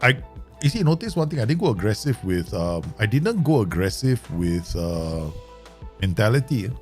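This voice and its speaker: A man's voice: lowish voice, big pitch swings, moderate pace, faint music behind. A man giving casual live commentary as he plays a football management game, rambling, swearing and laughing often. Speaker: game streamer.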